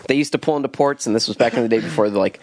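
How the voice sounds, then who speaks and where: A man's voice: mid-range voice, rapid-fire, darkish tone, dry recording. A man co-hosting a comedy podcast, telling a long rambling story with lots of restarts. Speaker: podcast co-host. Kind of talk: casual comedy chat.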